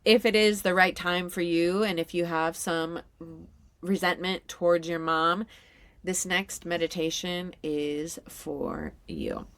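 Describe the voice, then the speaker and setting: A woman's voice: lowish voice, lively intonation, dry recording. A woman in her thirties hosting a solo podcast, talking candidly and emotionally about her family and often laughing. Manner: slow soothing guided meditation. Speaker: podcast host.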